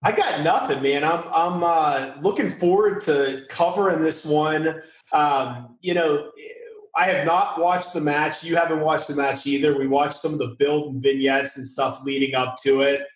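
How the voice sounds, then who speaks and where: A man hosting a podcast in relaxed, casual chat, often pausing with fillers. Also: fairly high pitch. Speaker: podcast host. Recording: roomy sound with faint music.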